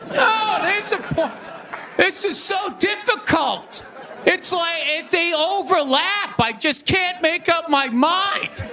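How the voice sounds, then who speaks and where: A man doing a loud, ranting stand-up set on a theater stage, shouting his punchlines. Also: extremely high pitch, animated, slow pace, crowd noise. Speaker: stand-up comedian. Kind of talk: stand-up monologue. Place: theater stage before a laughing audience. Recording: live show with audience laughter and noise.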